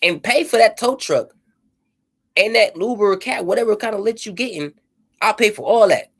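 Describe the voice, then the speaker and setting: A man's voice: high-pitched, animated, normal speed, fairly bright tone. Profane, fired-up man ranting. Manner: profane, emphatic, preachy; repeats "you know what I'm saying". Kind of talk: impassioned rant.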